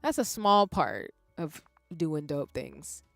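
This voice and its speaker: A woman streamer chatting casually with her viewers, expressive and swinging from soft-spoken to loud exclamations. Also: low-pitched, slow pace, gravelly, no room sound, faint music behind.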